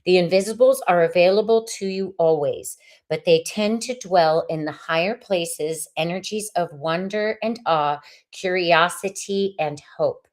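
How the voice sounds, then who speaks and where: A woman's voice: lowish voice, darkish tone. A woman hosting a live tarot reading stream, chatting casually and effusively with viewers as she pulls cards.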